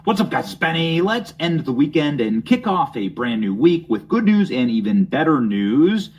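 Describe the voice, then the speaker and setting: A man's voice: on the high side, sing-song, moderate pace, darkish tone, slight background noise, rough recording. A young man hosting a political commentary show, reading news aloud with mocking, snide asides.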